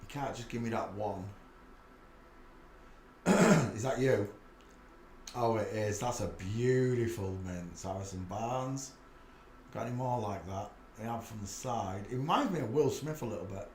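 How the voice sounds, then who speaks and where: A man's voice: lowish voice, measured pace, long pauses, darkish tone, roomy sound, a little hiss or hum. A man with a Yorkshire accent giving a muttered running commentary as he browses images for his channel. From England. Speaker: channel host.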